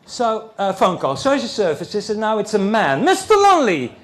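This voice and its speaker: A man's voice: sits high, normal speed. A man speaking at a conference, telling a personal story to an audience and acting out the voices of the people in it. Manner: animated storytelling, acting out the other people's lines. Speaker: speaker at a men's issues conference. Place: conference hall. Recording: roomy hall sound.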